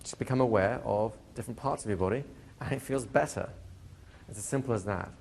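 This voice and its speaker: Guy teaching a hypnosis class, kinda low voice, easygoing, drifts into slow soothing trance talk. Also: gravelly, slight background noise. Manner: relaxed, slows into soft hypnotic suggestions. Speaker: hypnosis trainer. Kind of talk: live training lecture. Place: training room with a seated audience.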